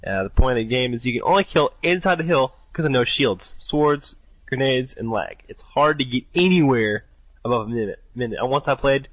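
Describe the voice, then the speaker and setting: A man's voice: mid-range voice, fairly quick, a bit bright, dry recording, low-quality recording. A young man co-hosting a casual gaming podcast, reading out listener submissions and trailing off at times. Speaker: podcast co-host.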